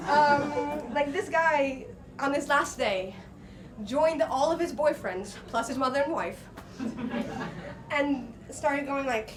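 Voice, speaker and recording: A woman's voice: sits high, expressive, takes it slowly, long pauses. A young Portuguese woman, not a native English speaker, doing a profane, casual stand-up set with laughing asides and lots of fillers. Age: young adult. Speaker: stand-up comedian. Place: small comedy club stage. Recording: distant mic, loud room noise.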